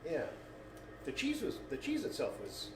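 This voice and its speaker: A man's voice: on the high side, huge pitch swings, normal speed. A man, a winery founder, describing in detail how the food and wine taste during a casual tasting. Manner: descriptive, lingers on flavors. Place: wine cellar. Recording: roomy, distant mic, faint noise.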